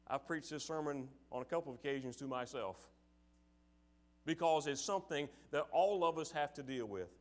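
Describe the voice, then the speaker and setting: A man preaching a sermon, moving from casual, filler-laden asides to forceful, emphatic calls to his listeners. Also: fairly high pitch. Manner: acts out his father's sarcastic voice.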